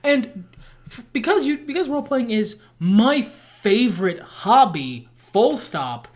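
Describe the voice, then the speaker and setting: A man with a high, nasal voice co-hosting a podcast in casual chat, blunt and self-deprecating, swearing freely. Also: very animated, slow pace. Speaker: podcast co-host.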